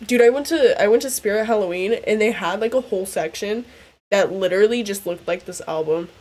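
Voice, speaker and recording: A young woman streaming a game, chatting casually in a crude, joking and excitable way. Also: mid-range voice, a little fast. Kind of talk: casual gameplay stream chat.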